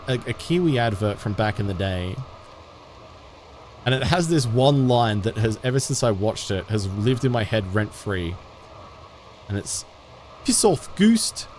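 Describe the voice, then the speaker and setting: Laid-back streamer, lively pitch. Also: male voice, a little hiss or hum. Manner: laid-back, rambling, frequent restarts, quick laughs. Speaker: game streamer. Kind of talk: casual live-stream chat while playing.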